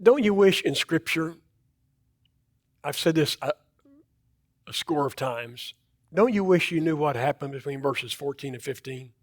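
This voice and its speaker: High-voiced man preaching conversationally. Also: animated, unhurried, pauses often, no echo, studio quality. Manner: conversational, repeats words, restarts often. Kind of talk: sermon. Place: church auditorium.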